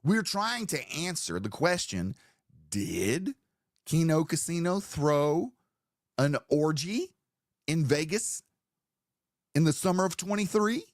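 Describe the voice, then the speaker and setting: A man's voice: on the high side, big pitch swings, slow pace, pauses often, dry recording, clean studio sound. Profane rambling male streamer. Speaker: streamer host. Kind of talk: live stream commentary.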